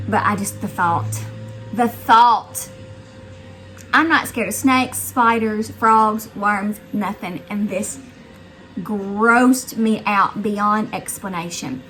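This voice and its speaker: A middle-aged woman from the Southern US with a Southern accent, chatting to viewers as she tells a story in her vlog, animated and talkative. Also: mid-range voice, measured pace, soft background music, poor audio. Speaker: vlogger. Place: her house, indoors and out.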